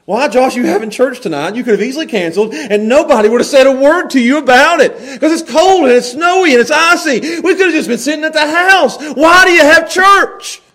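A man preaching a folksy sermon to a small church congregation, swinging from hushed earnest passages to loud, excited storytelling. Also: very high voice, fairly quick, hardly any pauses. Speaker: pastor. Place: small church, evening service.

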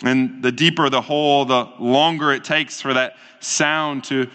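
A man preaching a sermon as a pastor, slow and earnest, with pauses between phrases. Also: medium pitch, fairly even intonation, pushed and bright, smooth, in a large hall.

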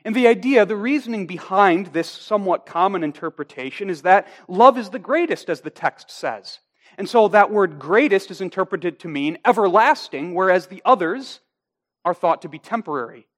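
A pastor preaching a sermon, deliberate and emphatic, slowing down to stress key phrases. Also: male voice, high voice.

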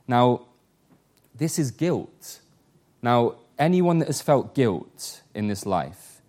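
A man preaching a sermon, earnest, reading scripture aloud with slow, weighty emphasis. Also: mid-range voice, darkish tone.

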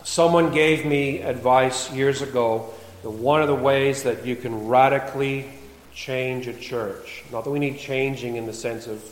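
Pastor preaching in an echoey hall. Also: male voice, mid-range voice. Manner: conversational storytelling, then reading scripture aloud. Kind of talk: sermon. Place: church sanctuary.

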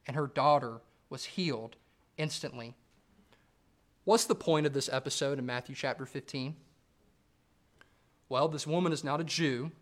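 A man preaching an expository sermon, measured and rising for emphasis. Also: a little high, fairly bright tone.

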